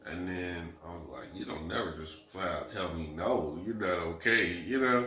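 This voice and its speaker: Very deep-voiced young man, echoey room. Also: normal speed, pushed and bright. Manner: rambling, earnest retelling with quoted dialogue. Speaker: husband co-hosting the vlog. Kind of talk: casual storytime chat.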